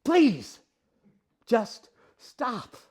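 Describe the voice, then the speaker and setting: A man's voice: very high voice, huge pitch swings, extremely slow, a little mellow, husky. Exasperated, pleading man. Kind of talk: solo comic-dramatic performance.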